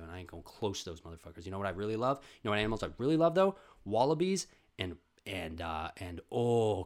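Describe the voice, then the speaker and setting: A young man telling a comedic story, animated and swearing, calling listeners bro and dude. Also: low-pitched.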